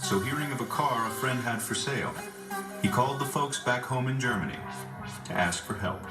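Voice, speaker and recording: A man narrating a sports feature in a measured, scripted storytelling style. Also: medium pitch, expressive, recorded from a distance. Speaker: documentary narrator. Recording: roomy narration over loud music.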